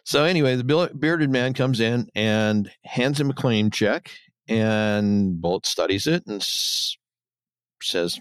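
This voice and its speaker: A man's voice: fairly low pitch, takes it slowly, smooth, no room sound. Man recapping a show, dry sound. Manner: retells scenes, mimics characters in a raised voice. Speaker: podcast co-host. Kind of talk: casual episode recap chat.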